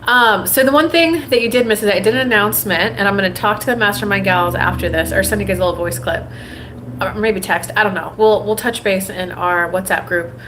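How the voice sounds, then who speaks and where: A woman hosting a spiritual livestream at an ordinary, mid-range pitch. She talks in a conversational, repetitive rhythm and pops into little acted-out quotes. A faint hiss sits under her voice. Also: steady tone, fairly quick. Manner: conversational, acts out quoted inner voices in a higher tone; repetitive and rhythmic when making a point. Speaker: host of a live spiritual reading show. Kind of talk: livestream talk with a channeled-style message.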